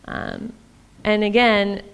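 A woman's voice: medium pitch, flat delivery, takes it slowly, clear, resonant tone. Woman with a drawl, preaching in a reverberant hall. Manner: warm, chatty, many ums and small laughs. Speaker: church speaker. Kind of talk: casual sermon.

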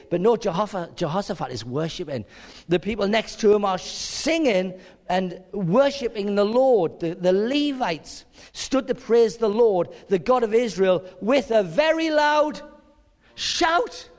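A man preaching a sermon in an animated way, acting out scenes with little voices. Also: sits high, a little slow. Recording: long hall reverb.

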